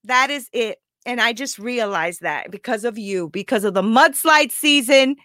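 High, bright, emotional woman coach. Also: expressive, normal speed, no echo. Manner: raw, confessional, keeps asking "right?". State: close to tears. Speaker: life coach. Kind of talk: emotional live talk to viewers.

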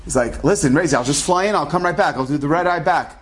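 A man with a slightly higher voice tells a story in a loose, chatty way. He slips into the voices of the people he describes, his pitch rising and falling as he goes. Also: quick pace. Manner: chatty, acts out dialogue with shifting pitch. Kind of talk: casual spoken storytelling.

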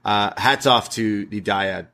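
A man's voice: lowish voice, takes it slowly, vocal fry, pushed and bright. A young man co-hosting a wrestling review podcast, chatting casually and joking, acting out quoted lines in put-on voices. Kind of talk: casual chat.

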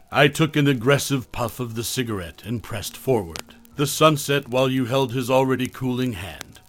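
A man's voice: mid-range voice, natural voice. A man voicing a blunt, chain-smoking woman medium who talks sharply and commandingly.

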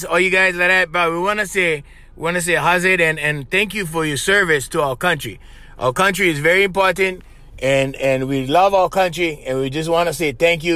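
High, bright Hawaiian Pidgin-speaking man. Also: dry recording. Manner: loose and joking, lots of "bro" and laughter. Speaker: podcast host. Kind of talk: casual solo podcast chat.

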